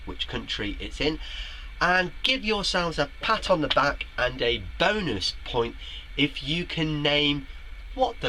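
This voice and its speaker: Brief: middle-aged male host, bright forceful tone, playful and theatrical, faint room noise. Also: rough recording. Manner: playful, theatrical, jumps to high pitch when quoting. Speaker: host of a homemade web show. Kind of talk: chatty vlog reading out viewer comments. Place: garden shed.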